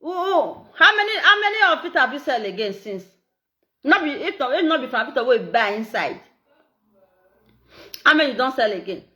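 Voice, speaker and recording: A middle-aged Nigerian woman with an Edo accent, talking in a casual, animated, repetitive way and laughing often. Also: sits high, moderate pace, long pauses. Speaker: social media live streamer. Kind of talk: casual monologue in Pidgin and Edo.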